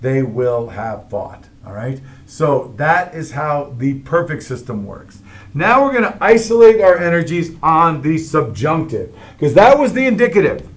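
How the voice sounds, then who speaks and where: A middle-aged man with a slightly high voice walks a class through a Latin grammar lesson. He explains each form step by step and keeps checking in with "all right?". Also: big pitch swings, normal speed. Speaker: Latin teacher.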